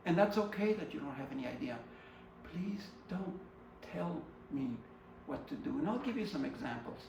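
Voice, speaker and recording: A man giving a heartfelt instructional talk on grief, earnest and personal, swinging between emphatic stresses and quiet passages. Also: on the high side, expressive, normal speed, vocal fry, roomy sound, recorded from a distance, noisy background. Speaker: grief support presenter.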